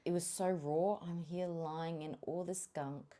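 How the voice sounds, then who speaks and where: A young woman telling her birth story as a podcast guest, candid and animated, swearing freely and often laughing. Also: fairly low pitch, a little slow. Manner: animated, swears freely, laughs often, drops to a whisper when quoting herself.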